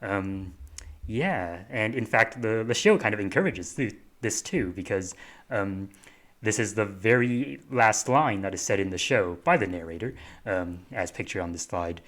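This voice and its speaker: A young man co-hosting a podcast, chatting in a casual, halting way with many fillers and restarts. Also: fairly low pitch, animated, fairly bright tone. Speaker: podcast co-host. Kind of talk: casual review chat.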